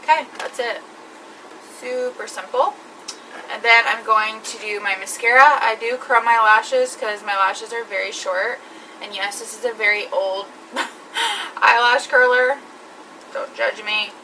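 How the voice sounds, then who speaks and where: A woman's voice: a little high, fairly even intonation, unhurried, pushed and bright, distant mic, a little hiss or hum, poor audio. A woman talking through her makeup routine step by step in a chatty vlog. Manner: chatty, explains each step. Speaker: beauty vlogger. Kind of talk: makeup tutorial.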